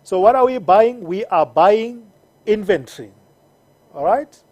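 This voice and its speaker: Slow, patient accounting teacher. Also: medium pitch, expressive, darkish tone, lo-fi sound. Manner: patient, repeats steps and checks in with "all right?". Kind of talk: screen-recorded lesson.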